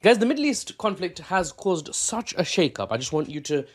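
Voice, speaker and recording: A man's voice: high voice, sing-song, moderate pace. A man giving casual news commentary, sarcastic and rambling, correcting himself often.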